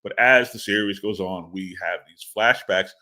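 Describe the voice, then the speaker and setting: A man's voice: on the low side, moderate pace, sharp tone. A man talking as a guest in a casual interview, rambling and stammering with repeated words and laughs. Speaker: comic book writer interviewed as guest.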